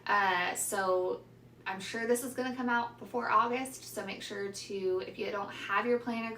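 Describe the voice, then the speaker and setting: Gushing woman teacher vlogging. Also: medium pitch. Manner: gushing, excitable, chatty. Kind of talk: casual unboxing vlog. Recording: echoey room with faint ambient noise.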